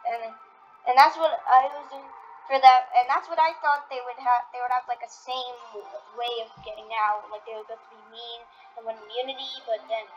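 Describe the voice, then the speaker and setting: A woman's voice: on the high side, fairly even intonation, normal speed, soft background music. Rambling woman on a lo-fi mic. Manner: rambling, many fillers. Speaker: video creator. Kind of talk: casual commentary reaction video.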